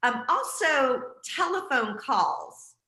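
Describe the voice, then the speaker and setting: Bright-voiced woman leading a team call. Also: high-pitched, expressive, slow, reverberant, rough recording. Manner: encouraging, with frequent fillers. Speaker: team leader hosting a group call. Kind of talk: casual group call talk. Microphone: video call.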